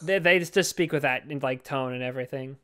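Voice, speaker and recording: A man's voice: mid-range voice, quick pace, sharp tone. A young man co-hosting a podcast in casual chat, rambling and jokey, cursing freely and filling his talk with fillers. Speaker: podcast co-host.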